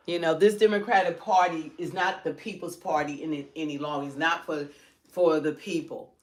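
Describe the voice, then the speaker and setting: A woman's voice: low voice, steady tone, normal speed. Emphatic woman firing rhetorical questions. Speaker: livestream co-host. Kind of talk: opinionated political commentary. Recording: roomy echo.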